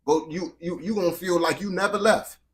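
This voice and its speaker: An American man hosting a reaction video, talking in a slangy, profane, animated way. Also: sits high, a little fast, husky. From United States. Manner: slangy, animated, swears constantly. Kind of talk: profane casual reaction commentary.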